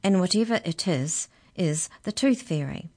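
A woman's voice: fairly low pitch, lively intonation, normal speed, a little mellow. A woman voicing a small, cheerful female mouse who is really the tooth fairy, breezy and unbothered in a children's storybook reading.

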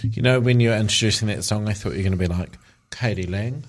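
A man's voice: lowish voice, quick pace, slight background noise. A man hosting a show, reading celebrity news with chatty asides and jokes, often stumbling over words. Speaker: radio host.

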